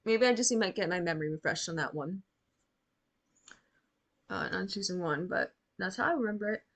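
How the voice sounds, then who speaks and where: A woman's voice: on the low side, animated, brisk, gravelly. A young woman giving casual reaction commentary on a TV show, blunt and sarcastic, swearing freely and talking straight to the characters.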